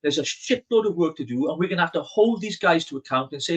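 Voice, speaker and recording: A man's voice: fairly high pitch, lively intonation, fast, few pauses, slightly rough, rough recording. A man co-hosting a political podcast, talking bluntly and emphatically. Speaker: podcast co-host.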